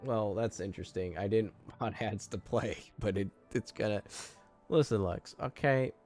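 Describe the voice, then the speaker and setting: A man's voice: fairly low pitch, normal speed, a little mellow, soft background music. A man live-streaming a game, chatting casually and rambling, laughing often and sounding flustered.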